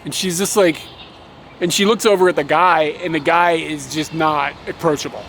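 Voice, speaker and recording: High-voiced man ranting outdoors. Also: moderate pace, a little hiss or hum. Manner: animated, swearing, laughs while ranting. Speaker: motovlogger. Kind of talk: casual storytelling vlog.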